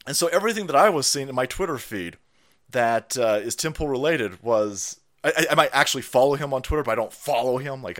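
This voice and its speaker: Foul-mouthed man ranting, lively bright voice. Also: a little high. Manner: foul-mouthed, laughing, mocking impressions. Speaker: streamer host. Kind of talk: profane ranting commentary.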